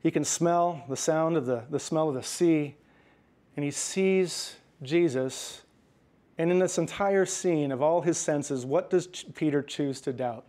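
A man preaching a sermon in a conversational way, checking in with the congregation and slowing down softly when he quotes scripture. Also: on the high side. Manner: conversational preaching with frequent "right?" and "okay?"; slows and softens when quoting scripture. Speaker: pastor.

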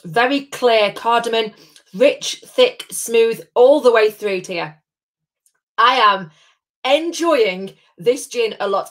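A chatty woman runs a live tasting stream from home. Her voice sits at a middle pitch, and she keeps up a bubbly, friendly chatter, calling out viewers by name between sips. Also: a bit bright. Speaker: host of a live gin tasting.

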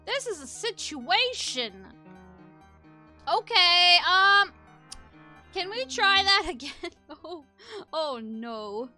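A woman giving let's play commentary, reacting to the game with excitable, flustered exclamations. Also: very high voice, slow pace, pauses often, faint music behind. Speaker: gameplay commentator.

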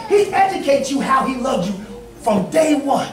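A middle-aged man, a bishop preaching a sermon, telling stories with fervor and frequent shouts. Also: very high-pitched, very animated, normal speed, a crowd in the background. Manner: fervent, storytelling, often shouting. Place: church sanctuary. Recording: echoey church from a distance, congregation audible.

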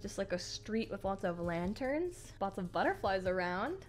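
A high, bright-toned young woman chats through an unboxing, her voice leaping all over the place as she squeals with delight. Soft music plays faintly underneath. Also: lively intonation, moderate pace, hardly any pauses. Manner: gushing, squealing, effusive. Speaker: YouTuber unboxing merchandise. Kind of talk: excited unboxing chat.

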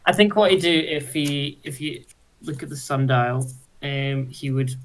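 A man's voice: fairly high pitch, fairly even intonation, unhurried, slight background noise. A man playing a tabletop game, thinking aloud hesitantly with many fillers. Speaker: player.

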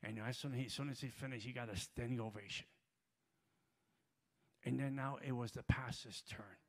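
Guy preaching at a church gathering, average pitch, tells stories over and over, gets loud and shouty. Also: fairly even intonation, moderate pace. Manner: storytelling with heavy repetition. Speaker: guest preacher. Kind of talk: sermon.

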